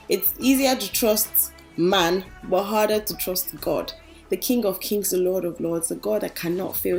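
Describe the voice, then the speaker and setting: A woman's voice: mid-range voice, darkish tone. A young woman talking earnestly and casually to her viewers about her faith, like an online vlogger. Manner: earnest and chatty, addresses viewers as guys. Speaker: Christian vlogger. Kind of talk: casual inspirational faith talk.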